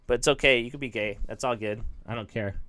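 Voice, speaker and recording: A man's voice: mid-range voice, quick pace, sharp tone. A young man hosting a podcast, talking in a casual, rambling rant with lots of fillers and self-mocking asides. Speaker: podcast host. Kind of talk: casual ranting monologue.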